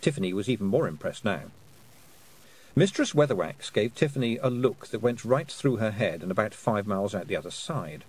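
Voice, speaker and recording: A man reads a storybook aloud with an expressive, husky voice. His pitch moves a lot from phrase to phrase. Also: a little fast, poor audio. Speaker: audiobook narrator. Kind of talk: scripted narration.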